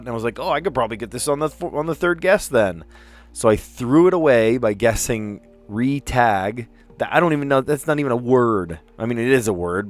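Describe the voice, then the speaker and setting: A middle-aged man hosting a casual live stream, thinking aloud through a word puzzle, excitable and self-mocking. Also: mid-range voice.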